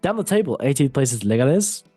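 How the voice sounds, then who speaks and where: Man hosting a football podcast, goofy, dark mellow voice, dry sound. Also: mid-range voice, big pitch swings, brisk, no room sound, soft background music. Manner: goofy, playful, self-mocking. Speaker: host. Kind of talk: casual football podcast chat.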